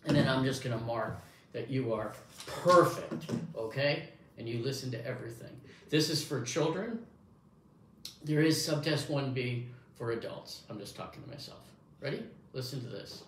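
In an echoey room with faint background noise, a man leads a hearing test demonstration, encouraging the listener as though talking to a young child. His voice is medium-pitched and expressive, and he speaks a little slowly.

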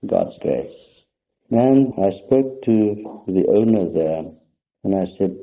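A man's voice: deep voice, lively intonation, takes it slowly. An older man from India, a spiritual teacher, tells a personal story to an audience in a conversational, anecdotal way. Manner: anecdotal, conversational, addresses listeners directly. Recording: muffled lo-fi talk recording.

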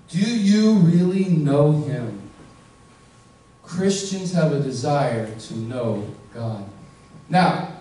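A man's voice: on the high side, dark tone. A male pastor preaching a sermon, earnest and questioning his listeners directly, leaning hard on key words. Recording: echoey room, voice from far off.

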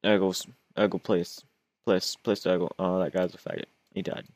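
A man's voice: sits low, level tone, moderate pace, a little mellow, dry recording. A young man, chatting and joking through his own gameplay recording, whining and self-mocking as he goes. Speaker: gaming YouTuber. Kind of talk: casual gameplay commentary.

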